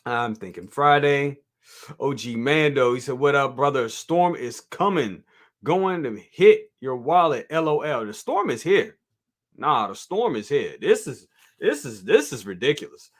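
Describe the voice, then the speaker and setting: A man's voice: mid-range voice, very animated, measured pace. A man hosting a live toy review stream, chatting casually and reading viewer comments aloud. He talks straight to his viewers, repeats himself often and laughs easily. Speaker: toy review show host.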